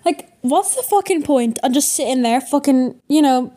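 Teen girl co-host, high mellow voice, sweary and rambling. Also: expressive, normal speed. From Ireland. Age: teens. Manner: rambling, sweary, many fillers. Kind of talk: casual chat.

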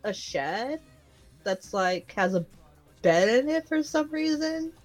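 A woman's voice: fairly high pitch, big pitch swings, slow, soft background music. A young woman co-hosting a casual podcast, retelling an anime episode with lots of giggles and fillers. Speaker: podcast co-host recapping an anime. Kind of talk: casual chat.

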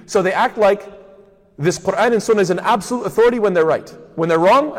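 A man gives a religious lesson at a brisk clip, his voice sitting a little high. He keeps asking "what?" and answering himself, with doubled fillers along the way. A long reverb trails behind him in a big room. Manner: asks himself rhetorical questions ("what?"); frequent doubled fillers and restarts. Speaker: Islamic studies teacher. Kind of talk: lecture on hadith.

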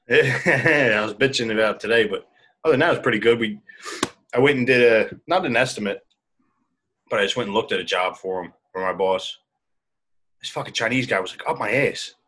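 A man's voice: on the low side, normal speed, long pauses, bright, forceful tone, breathy edge, rough recording. A man, chatting casually as a podcast co-host, telling stories in a laid-back, swearing way. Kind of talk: casual chat.

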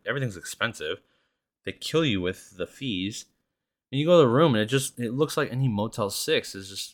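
A man's voice: lowish voice, fairly bright tone. A man, hosting a solo podcast and telling rambling, profane stories in a casual chat. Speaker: podcast host.

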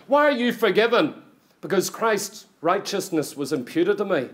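A man's voice: high voice, moderate pace, a bit bright. A man preaching a sermon in a church, emphatic and full of rhetorical questions to the congregation.

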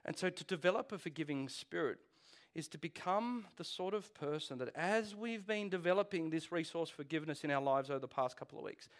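Animated high-voiced male preacher. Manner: animated, conversational preaching with quick restarts and asides. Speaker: pastor. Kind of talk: sermon.

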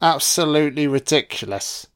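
A man's voice: on the high side, expressive, moderate pace, clear, resonant tone. Sarcastic swearing man reacting to a film. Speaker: film commentator. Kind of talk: profane film reaction commentary.

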